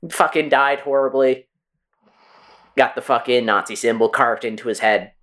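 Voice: mid-range voice, normal speed, fairly bright tone. A podcast co-host chatting casually, rambling and swearing, with a lot of "like" in every sentence. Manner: rambling, swears often, many "like"s.

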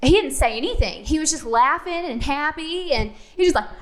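A woman candidly telling an animated personal story in a casual chat. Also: sits high, brisk.

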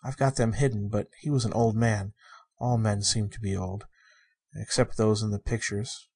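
A man reading the part of a shy, wondering sixteen-year-old girl, in a soft, earnest and innocent way. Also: fairly low pitch, fairly even intonation, moderate pace, vocal fry, breathy edge.

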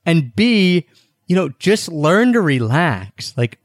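A man's voice: fairly high pitch, takes it slowly, no room sound. Chatty man, dry close sound. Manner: rambling, self-deprecating, animated retelling. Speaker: travel podcast co-host. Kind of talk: casual chat.

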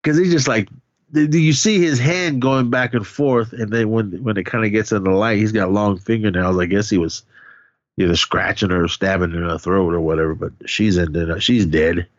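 A man's voice: fairly low pitch, moderate pace, dry recording, dull audio. Rambling man retelling a movie. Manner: rambling, animated retelling with voiced reactions and cursing. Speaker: podcast co-host recapping a film. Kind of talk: casual chat.

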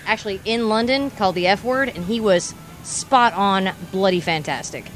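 A woman's voice: mid-range voice, moderate pace, slight background noise. A woman in casual chat, telling stories and laughing often. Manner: chatty storyteller, laughs often.

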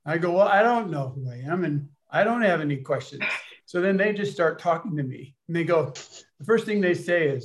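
A man telling a personal story casually, rambling and halting with many restarts. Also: on the high side, animated. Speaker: storyteller at a gathering.

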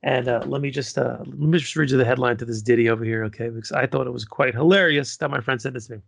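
A man's voice: mid-range voice, quick pace, creaky, hardly any pauses, dry recording. A man co-hosting a casual podcast, laid-back and stammering, swearing now and then. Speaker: podcast co-host. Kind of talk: casual chat.

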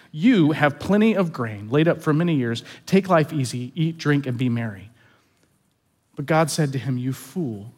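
A man pastor giving a sermon in an earnest, confessional way, often repeating words as he stresses a point. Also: fairly high pitch.

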